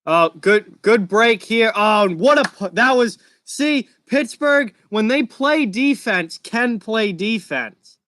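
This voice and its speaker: A man's voice: high-pitched, lively intonation, slow, a bit bright, no room sound, studio quality. A young man from Massachusetts with a mild Massachusetts accent, hosting a live hockey reaction stream and chatting casually while he answers live chat questions.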